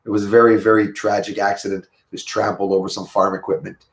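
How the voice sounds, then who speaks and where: A Quebec-accented livestream host rambles casually, reading viewers' comments and saying hello to them by name. He speaks quickly on the low side with little pitch movement and some vocal fry, in a reverberant recording.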